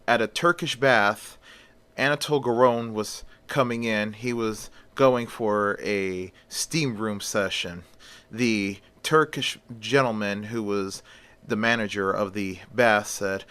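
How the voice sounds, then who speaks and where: A man's voice: lowish voice, fairly bright tone. A man narrating a story in a plain, conversational way.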